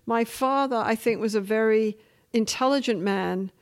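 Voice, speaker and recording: A woman's voice: on the high side, normal speed. English woman, middle-aged, telling stories in a casual interview, lots of life in it. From England. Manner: animated storytelling, shifting between voices. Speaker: guest.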